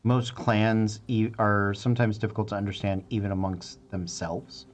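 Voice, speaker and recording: A man narrating as game master in a tabletop game, halting with frequent fillers and restarts. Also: on the low side, flat delivery, faint music behind.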